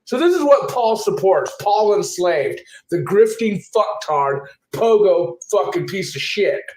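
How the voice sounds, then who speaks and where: This channel host's voice sits high and sounds a little mellow, though he's very animated and talks a little slowly. Recorded in an echoey room with faint noise, he angrily and profanely accuses a rival in a ranting commentary.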